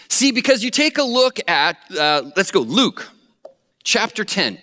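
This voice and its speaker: Bright-voiced preacher in a ringing hall. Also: male voice, a little high, normal speed. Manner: animated storytelling, acting out voices. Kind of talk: sermon. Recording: long reverb of a hall.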